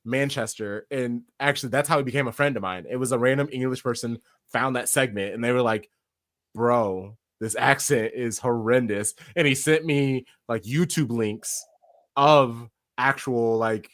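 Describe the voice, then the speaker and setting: A man's voice: mid-range voice, normal speed, a bit bright, dry recording, clean studio sound. A man hosting a casual online soccer talk stream, joking and laughing easily. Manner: laughing, joking, self-deprecating. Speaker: podcast host. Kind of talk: casual chat.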